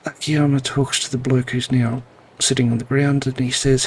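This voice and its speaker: A man's voice: mid-range voice, fairly even intonation, normal speed, darkish tone, a little hiss or hum, poor audio. A man reading game dialogue aloud with wry, rambling asides. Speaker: let's play narrator.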